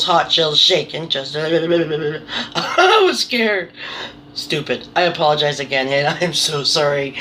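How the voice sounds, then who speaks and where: A woman's voice: low voice, fairly bright tone, slight background noise. A woman chatting casually to her viewers in a rambling, apologetic, self-deprecating way, swearing now and then. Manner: nervous, apologetic. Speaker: vlogger. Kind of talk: casual chat to camera.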